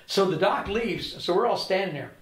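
A man's voice: high voice, expressive, normal speed, echoey room, low-quality recording. An older man telling a story in an interview, acting out each person's lines in turn. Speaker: interview guest. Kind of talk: storytelling with quoted dialogue.

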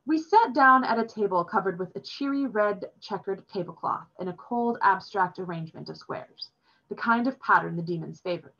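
A woman reading a novel aloud in a plain, steady storytelling manner, recorded with dull lo-fi sound. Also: mid-range voice, normal speed.

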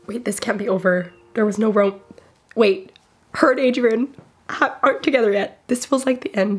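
A woman's voice: mid-range voice, steady tone, moderate pace, faint music behind. A young woman giving casual, emotional commentary while she watches a movie, gushing and exclaiming, sometimes whispering. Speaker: movie reaction vlogger.

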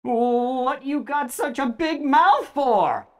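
A woman's voice: high-pitched, lively intonation, slow, a little mellow, voice pushed up. A woman doing a timid, frightened little boy. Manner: timid, stammering questions.

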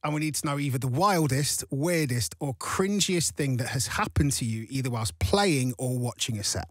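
A man's voice: mid-range voice, expressive, normal speed, dry recording. A man hosting a radio interview in a studio, upbeat and playful, teasing his guest. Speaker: radio host.

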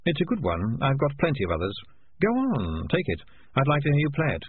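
A man's voice: wildly swooping pitch, brisk, husky, heavily acted. A man doing a sly, knowing rat piper. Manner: low, knowing and conspiratorial. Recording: tinny lo-fi with faint hiss.

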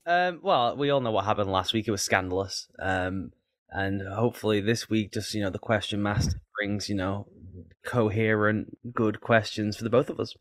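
A man's voice: fairly low pitch, normal speed, no room sound. A man co-hosting a football podcast, with dry, wry and slightly formal banter. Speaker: podcast co-host.

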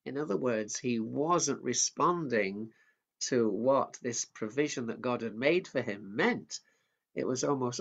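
A man preaching at a family service, telling a Bible story in a gentle, simple way. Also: mid-range voice, lively intonation, a little slow, gravelly. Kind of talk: children's sermon storytelling. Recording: dull lo-fi sound.

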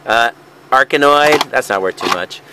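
A man's voice: mid-range voice, expressive, moderate pace, background noise. A young man vlogging as a video game reseller, chuckling and rambling as he goes through a haul in casual banter. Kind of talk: casual vlog unboxing.

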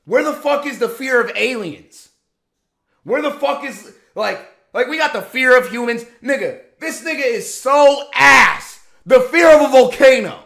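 A man giving a profane, exasperated rant as an anime commentator, firing off rhetorical questions and often shouting. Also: extremely high pitch, lively intonation, measured pace, gravelly.

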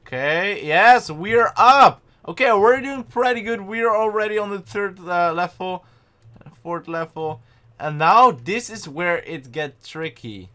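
A young man giving excitable, panicky gameplay commentary and often mocking his own mistakes. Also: high voice, unhurried. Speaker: gaming channel host.

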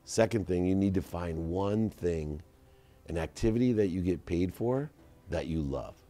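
A deep, warm-toned man speaks in a relaxed podcast conversation. He tells stories and leans on his advice by slowing down and stressing each point. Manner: storytelling, slows down to stress advice. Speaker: guest entrepreneur.

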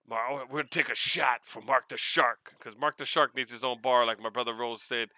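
A man from Hawaii with a Hawaiian-tinged accent, casually unboxing mail on his vlog, excitable and quick to laugh. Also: medium pitch, no echo. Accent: Hawaiian Pidgin-tinged English. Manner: excitable, laughs often, repeats words. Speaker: vlogger.

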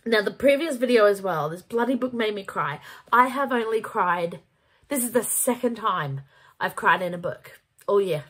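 A woman reviewing a book in a casual vlog, gushing and animated, with casual swearing. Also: mid-range voice, moderate pace, slightly rough. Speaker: book vlogger.

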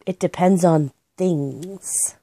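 A woman reading aloud and voicing a cheerful, kind young girl who chatters brightly and eagerly. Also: fairly low pitch, very slow, breathy edge, no echo, full character voice. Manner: bright, chirpy and excited.

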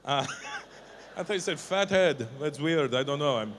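A male stand-up comedian doing crowd work live on stage, teasing audience members with profane, quick banter. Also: a little high, lively intonation, a little hiss or hum.

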